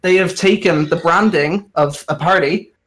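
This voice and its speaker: A man's voice: fairly high pitch, normal speed, a bit bright. Impassioned man in a political debate. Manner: impassioned, rising to emphasis. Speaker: panelist.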